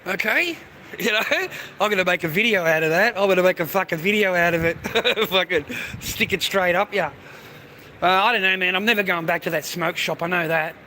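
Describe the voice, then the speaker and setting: Rambling, profane Australian bloke. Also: male voice, high voice, steady tone, fairly quick, sharp tone, a little hiss or hum. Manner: rambling, profane, laddish, addresses viewer directly. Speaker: live streamer. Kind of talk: rambling casual livestream chat. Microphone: phone held while talking.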